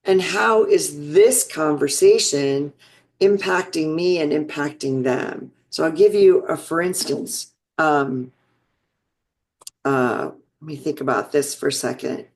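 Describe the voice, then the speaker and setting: A woman's voice: sits low, takes it slowly. A woman in her sixties, an interview guest telling personal stories in a reflective, earnest way, often restarting sentences. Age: 60s. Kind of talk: personal storytelling.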